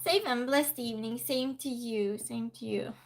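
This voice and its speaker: A woman's voice: a little high, moderate pace, background noise. A woman hosting a casual live-stream game night, chatting, laughing often and greeting viewers by name from her desk at home.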